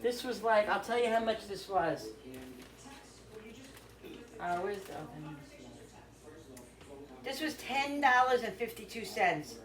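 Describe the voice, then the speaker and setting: A woman talking casually to her viewers while cooking in her home kitchen, rambling and thinking out loud as she works. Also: medium pitch, lively intonation, unhurried, long pauses. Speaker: cooking vlogger. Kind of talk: casual cooking vlog chat.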